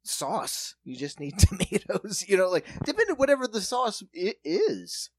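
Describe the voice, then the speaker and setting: A podcast co-host in casual chat who talks in an animated, chatty way and swears freely. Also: medium pitch, normal speed, husky, no echo.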